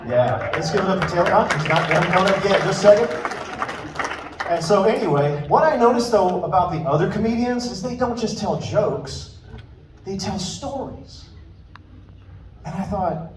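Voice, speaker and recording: Opening a show on a hall stage before a live audience, a comedian in his fifties tells self-deprecating stories and acts out quoted voices. His high, animated voice moves at normal speed with long pauses. The mic is heard from a distance in the echoey hall, with audience laughter, room ambience, and background noise.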